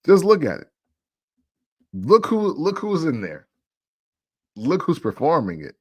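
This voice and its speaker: Slow-talking man, playful music debate. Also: on the high side, wildly swooping pitch, darkish tone. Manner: playful, argumentative, laughs often. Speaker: music talk host. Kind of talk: casual solo music talk.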